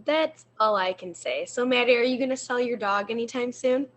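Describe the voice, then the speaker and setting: A woman's voice: on the high side, moderate pace. Upbeat young woman hosting a show. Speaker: co-host. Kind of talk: casual sign-off chat.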